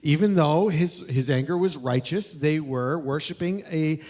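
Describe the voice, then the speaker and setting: Pastor telling a story. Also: male voice, fairly high pitch, unhurried. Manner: animated storyteller, asks the congregation questions. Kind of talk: sermon. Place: church auditorium.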